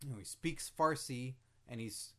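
A man co-hosting a casual podcast, joking and playful with deadpan asides. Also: mid-range voice, normal speed. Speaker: podcast co-host. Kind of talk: casual chat.

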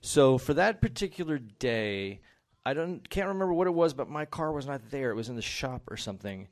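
A man from Texas telling a personal story to an audience in a measured, scene-setting way. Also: mid-range voice, lively intonation.

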